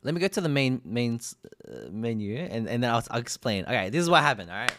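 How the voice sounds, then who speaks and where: A man's voice: mid-range voice, big pitch swings, quick pace, a bit bright, a little hiss or hum. An Australian man live streaming, chatting casually and rambling through a sponsored ad with frequent laughs and self-corrections.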